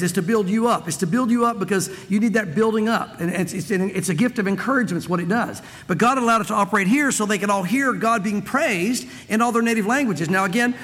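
A man's voice: high voice, a bit bright, big-room sound. A man preaching a sermon as pastor, earnest, often repeating and restarting his phrases.

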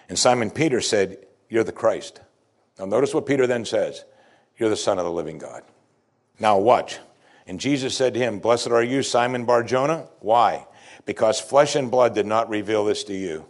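Animated male preacher with a lively voice. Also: medium pitch. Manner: animated preaching, voicing quoted speakers, swings from loud to hushed. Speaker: pastor. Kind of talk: sermon.

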